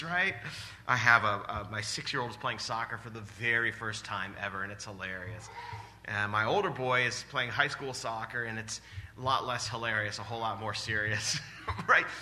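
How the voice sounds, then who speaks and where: A man in his forties preaching a sermon in a church, animated and exclamatory, often laughing. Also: mid-range voice, slight background noise. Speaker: pastor. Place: church sanctuary.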